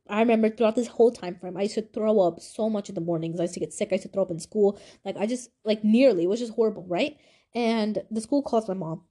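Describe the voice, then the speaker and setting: An eighteen-year-old woman hosting a podcast, telling a personal story in a confiding, animated way. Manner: animated, confiding, swings from high to low. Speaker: podcast host.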